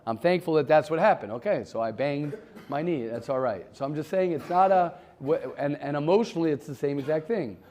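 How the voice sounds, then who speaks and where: Rabbi with a higher voice, repeating himself. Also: male voice, fairly quick, darkish tone. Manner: conversational, repeats phrases, takes questions from the room. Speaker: rabbi giving a class. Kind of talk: informal Torah class.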